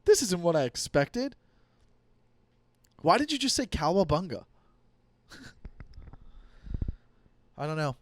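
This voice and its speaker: A young man hosting a comedy podcast, ranting profanely about dating apps and acting out quick quoted voices. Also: fairly high pitch, very animated, a little hiss or hum. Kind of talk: solo comedic podcast rant.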